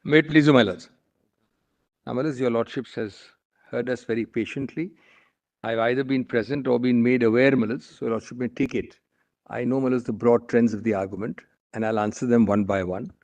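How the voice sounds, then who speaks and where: A man's voice: mid-range voice, fairly even intonation, fairly quick, darkish tone. A man with an Indian English accent arguing formally before a court as senior advocate, constantly deferring to the judges. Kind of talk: courtroom argument.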